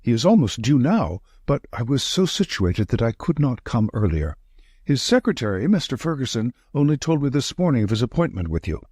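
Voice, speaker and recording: Male reader doing a jittery estate manager, urgent and out of breath, husky. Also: mid-range voice, sing-song, fairly quick, a little mellow, no room sound, studio quality. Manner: breathless, urgent short sentences. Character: nervous, frightened thin male estate manager.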